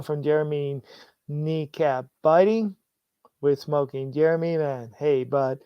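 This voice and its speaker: A man's voice: a little high, slow pace, dark tone, clean tone, no room sound. A man hosting a casual sports livestream, reading viewer comments aloud, laughing often and restarting his phrases. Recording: dull lo-fi sound.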